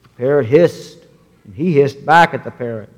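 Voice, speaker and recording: A male pastor preaching a sermon, measured as he reads scripture, with a long reverb in a sanctuary. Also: mid-range voice.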